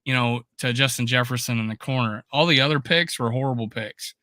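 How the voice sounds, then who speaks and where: A man co-hosting a podcast in casual sports chat, animated and swearing often. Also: medium pitch, brisk, no room sound, studio quality. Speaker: podcast co-host.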